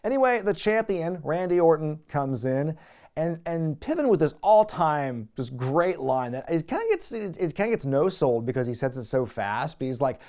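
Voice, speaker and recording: A man's voice: on the high side, big pitch swings, moderate pace, a little mellow. A man hosting a casual wrestling review show, recapping matches with wry, chuckling asides. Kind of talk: casual commentary.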